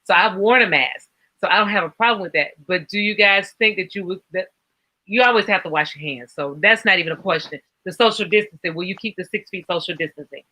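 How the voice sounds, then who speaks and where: Bright-voiced woman host asking questions. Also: medium pitch, quick pace, low-quality recording. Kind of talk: casual chat.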